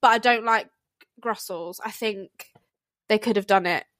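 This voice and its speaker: A woman co-hosting a podcast, talking in an animated, opinionated way and quick to laugh. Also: medium pitch, dry recording. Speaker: podcast co-host. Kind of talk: casual chat.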